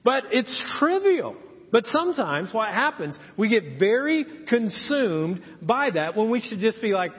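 A pastor in his fifties preaches a sermon in a church sanctuary, his high-pitched voice a little slow with a breathy edge. He tells stories with animation and acts out what people said. The sound is muffled in a reverberant church hall.

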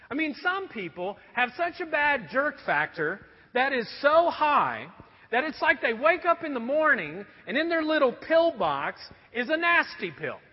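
High, lively preacher in a hall. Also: male voice. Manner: animated storytelling, acts out a shouting boss. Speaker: pastor. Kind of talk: sermon. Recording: dull echoey hall from far off.

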